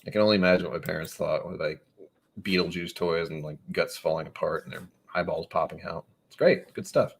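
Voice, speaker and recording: A man from New England chatting casually on a live stream. He reads out viewer comments and rambles along with wry, sudden animated asides. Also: low voice, brisk, vocal fry, slight background noise.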